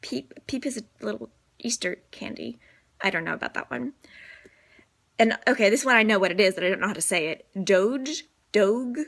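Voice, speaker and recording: A woman's voice: mid-range voice, brisk, creaky, long pauses, a bit bright. A woman in her twenties from New Orleans with a light Southern accent, rambling casually and sleepily from bed into her phone. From New Orleans, Louisiana. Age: 20s. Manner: chatty, rambling, sleepy and self-deprecating. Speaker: vlogger. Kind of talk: casual accent-tag vlog. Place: in bed at home. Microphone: phone at arm's length.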